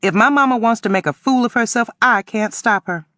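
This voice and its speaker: A man's voice: on the high side, animated, fairly quick, fairly bright tone, no room sound, studio quality. A man voicing a guarded teenage girl who talks back in a cold, snappy way in an audiobook.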